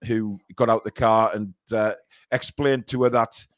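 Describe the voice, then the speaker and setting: A man's voice: lowish voice, steady tone, measured pace, no room sound, clean studio sound. A man co-hosting a casual fan chat show, speaking hesitantly with many ums and repeated words, sore and a little shaken. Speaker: co-host of a football fan show. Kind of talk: casual live-stream chat.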